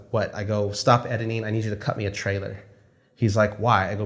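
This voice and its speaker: A male film director telling a story casually, acting out the conversations he quotes. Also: on the low side. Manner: animated, acts out dialogue in quick quoted exchanges.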